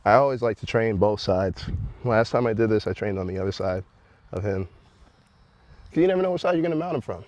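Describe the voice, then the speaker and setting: A man's voice: on the low side, lively intonation, brisk, pauses often, a little mellow, highs cut off, a little hiss or hum. A man casually showing his horse and explaining its care, talking in a laid-back way with casual slang. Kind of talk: casual vlog talk.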